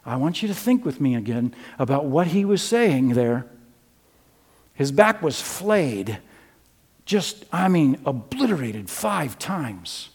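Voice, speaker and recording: Older male preacher with lively swings. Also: a little slow, big-room sound. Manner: animated storytelling, swings from loud and high to low and quiet. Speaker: pastor. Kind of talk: sermon.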